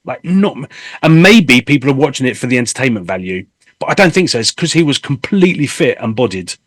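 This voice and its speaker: A man in his fifties, a singer hosting a casual interview, talking candidly and telling stories with animated swearing. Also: mid-range voice, quick pace, no echo. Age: 50s. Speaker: host and singer.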